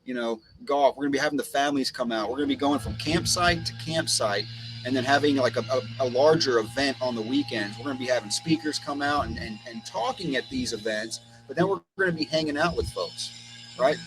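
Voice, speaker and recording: A man's voice: mid-range voice, brisk, music in the background, poor audio. A man from Texas, a guest in a casual conversation, who rambles and repeats words as he tells stories.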